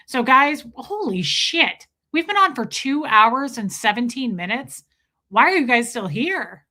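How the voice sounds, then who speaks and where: A woman hosting a livestream in casual chat, playful and loud, her voice going a little hoarse. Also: a little high, very animated, measured pace. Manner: playful, sings along loudly between chatter. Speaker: livestream host.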